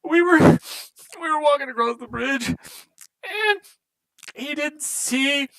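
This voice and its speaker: A man's voice: animated, slow, vocal fry, fairly bright tone, heavily acted, rough recording. A man voicing a weeping male dwarf miner who mourns a lost friend, talking through tears. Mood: grieving. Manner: sobbing, high and wavering.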